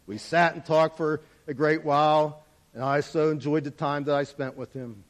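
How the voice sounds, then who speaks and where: A man's voice: fairly high pitch, fairly even intonation, normal speed. A man telling a first-person spoken parable in an earnest, dramatic way, his volume rising and falling widely. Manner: earnest, dramatic storytelling with wide swings in volume. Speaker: storyteller.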